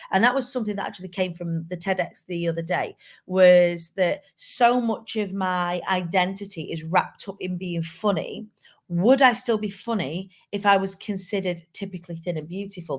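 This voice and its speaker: A woman hosting a live show, talking candidly and chattily to viewers and reading out their comments. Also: fairly low pitch. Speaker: live show host and speaker. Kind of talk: casual live-stream talk.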